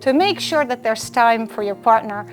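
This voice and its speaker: A woman's voice: on the high side, animated, normal speed, soft background music. A woman giving a live lecture to students, earnest and emphatic, driving home her points by repeating them. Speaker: lecturer on personal well-being.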